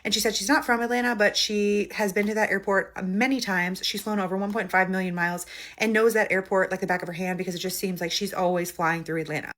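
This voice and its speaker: Fast-talking woman telling a spooky story. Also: mid-range voice, fairly even intonation, a bit bright. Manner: brisk, retells quotes in her own voice. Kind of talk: spooky story time narration.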